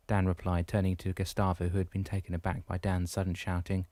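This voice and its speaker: Male narrator, steady storytelling, low mellow voice, dry close recording. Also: a little fast, hardly any pauses, no room sound. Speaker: audiobook narrator. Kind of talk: scripted narration.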